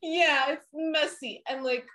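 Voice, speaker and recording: A woman's voice: high voice, steady tone, slow, crowd noise. A young woman chatting casually as a podcast co-host, rambling with many fillers and frequent laughs. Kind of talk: casual chat.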